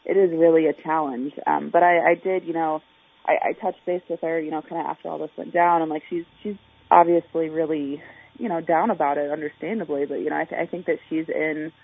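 A woman's voice: low-pitched, steady tone, fairly quick, vocal fry, husky. A woman Olympic athlete talking in a chatty way, full of fillers and restarts, during a phone interview. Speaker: Olympic track and field athlete. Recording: tinny phone line.

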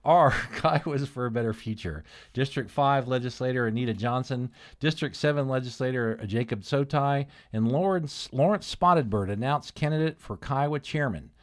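A man's voice: medium pitch, normal speed. A man hosting a community radio show, announcing the sponsors and segments in a friendly way. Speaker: radio host.

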